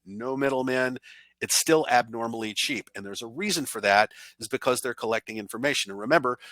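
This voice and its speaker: A man's voice: mid-range voice, bright, forceful tone, no echo. A man presenting a cybersecurity awareness training in a conversational style, giving blunt, emphatic warnings.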